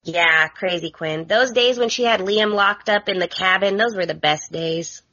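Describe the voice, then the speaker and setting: A woman guest co-hosting a casual podcast, animated and given to exasperated asides. Her voice is bright with a breathy, husky edge. The sound is muffled and lo-fi. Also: mid-range voice, normal speed. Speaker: guest co-host. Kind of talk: casual soap opera recap chat.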